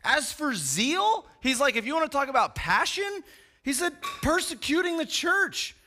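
A man preaching a casual, animated sermon, talking like a dad chatting with friends, with lots of "man" and "right?". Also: extremely high pitch, moderate pace, soft background music. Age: adult father of young boys.

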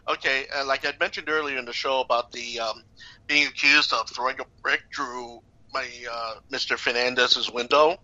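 A man's voice: mid-range voice, lively intonation, unhurried, pushed and bright. An older man co-hosting a podcast, telling a rambling story in casual chat with lots of "okay"s and "uh"s. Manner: rambling, with filler okays and uhs. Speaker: podcast co-host. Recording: dull lo-fi recording.

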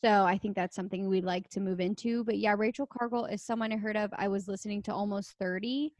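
A woman's voice: medium pitch, fairly even intonation, fast, darkish tone, no echo. Chatty young woman podcast co-host. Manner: earnest, chatty, many fillers. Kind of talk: casual chat.

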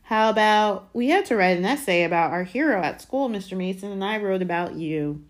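A woman's voice: medium pitch, animated, a little fast, pitched above the performer's own voice, close to an everyday voice. A woman voicing a spoiled, fawning boy with a sugary, simpering manner.

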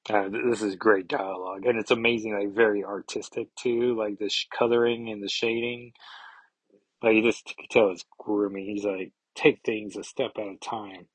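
A man's voice: fairly low pitch, steady tone, moderate pace, slightly rough, no echo, rough recording. A man hosting a podcast, casually recapping a comic book with wry, chatty asides. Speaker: podcast host.

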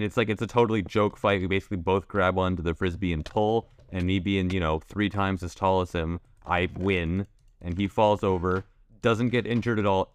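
A young man hosting a gaming video, telling a school story in a sarcastic, deadpan way with lots of restarts. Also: low voice, smooth, no room sound. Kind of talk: casual storytelling over gameplay.

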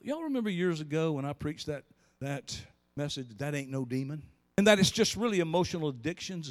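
Man, pastor preaching, high animated voice, long hall reverb. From Southern US. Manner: storytelling preacher with big swings in pitch and volume. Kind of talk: sermon.

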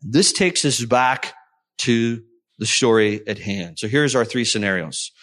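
A man's voice: mid-range voice, a little slow, fairly bright tone. A man preaching a sermon, explaining a Bible passage and reading scripture aloud. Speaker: pastor.

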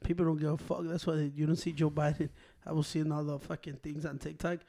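Man, high-pitched, casual chat, profane, mocking. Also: level tone, fairly quick, vocal fry, mellow.

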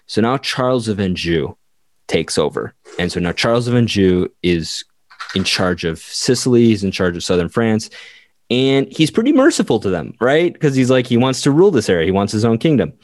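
Podcast co-host, man, fairly deep voice, loose chatty history telling, dry close sound. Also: a little mellow, dry recording. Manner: rambling, full of "like", acts out quotes. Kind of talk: casual history storytelling.

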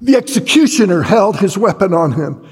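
A middle-aged man preaching a sermon, telling a story dramatically and shouting at its peaks. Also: high-pitched, animated, moderate pace, husky. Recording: long hall reverb.

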